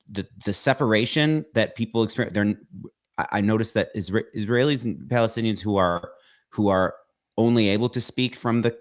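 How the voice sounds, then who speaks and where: Halting, deep-voiced man in earnest talk. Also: dry recording, studio quality. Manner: halting, many restarts and repeated words; earnest, emotionally heated at times. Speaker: podcast guest. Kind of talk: casual conversation.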